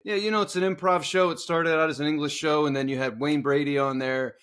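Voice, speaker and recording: A man co-hosting a podcast, telling a workplace story in casual, profane chat and acting out the people in it loudly. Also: fairly high pitch, fast talker, clean tone. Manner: swearing storyteller, loud animated reenactments. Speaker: podcast co-host.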